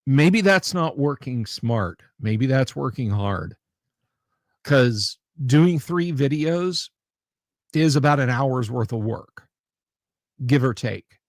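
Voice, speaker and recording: Slow, halting man hosting a livestream. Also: medium pitch, animated, no room sound, studio quality. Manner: halting, full of pauses and restarts; emphatic, repeats himself. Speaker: livestream host. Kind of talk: casual chat.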